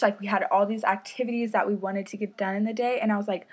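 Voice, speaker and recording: A woman's voice: medium pitch, steady tone, fast talker, few pauses. Rambling chatty young woman podcaster. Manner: rambling, chatty, lots of "like" and "um", self-deprecating. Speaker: podcast host. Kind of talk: casual solo podcast storytelling. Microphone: podcast mic on a stand.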